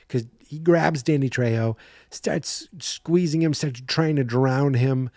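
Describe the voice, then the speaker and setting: A man hosting a horror movie podcast, recapping a film in a chatty, animated way and slipping into quick voices for the characters. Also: medium pitch, no room sound, clean studio sound.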